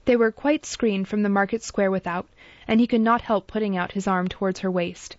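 A woman narrating a classic novel in a measured, formal storytelling manner. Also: medium pitch, steady tone, dry recording. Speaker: audiobook narrator. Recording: dull dry lo-fi recording.

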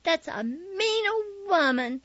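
A woman voicing a homesick little girl who cries and pleads in a high, wailing voice. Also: animated, slow, fairly bright tone, dry recording, heavily acted. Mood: sulky. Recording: slightly dull, dry recording.

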